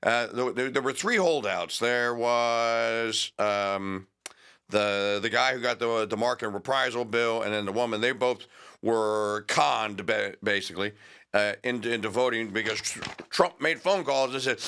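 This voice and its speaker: A man's voice: mid-range voice, unhurried, bright, forceful tone, clean tone. A man hosting a talk show, reading news aloud with sarcastic, rambling asides and stalling with fillers while he hunts for names. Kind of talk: opinionated talk radio monologue.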